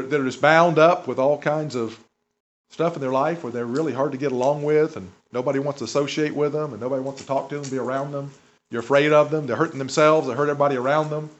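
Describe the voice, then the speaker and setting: A man preaching a sermon in a conversational way, asking the listeners rhetorical questions. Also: on the high side. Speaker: pastor. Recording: dull lo-fi recording.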